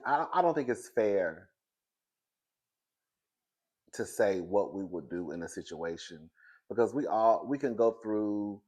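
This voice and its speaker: A man hosts a casual pop-culture commentary show, reacting to the news in an animated, dramatic way. His voice sits somewhat low. He laughs often and keeps calling everyone "girl".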